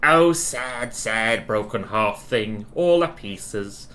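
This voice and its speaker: A cryptic, mournful old hag, voiced by a man reading her lines, in a slow, drawling delivery. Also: on the low side, animated, fairly bright tone.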